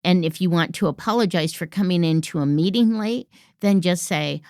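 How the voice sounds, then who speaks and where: Assertive woman podcast host, gravelly. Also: low voice, expressive, normal speed, few pauses, darkish tone, dry recording, clean studio sound. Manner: assertive, coaching, acts out example phrases. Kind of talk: instructive podcast monologue.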